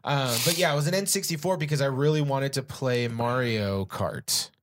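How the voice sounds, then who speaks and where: A man's voice: medium pitch, normal speed. A man co-hosting a podcast in casual chat, loose and laughing, with plenty of swearing. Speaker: podcast co-host. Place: Huntington Beach area.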